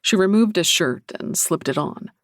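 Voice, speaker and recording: A man narrating a paranormal romance audiobook in the first person, with a low, even, intimate delivery. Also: normal speed, dry recording, studio quality.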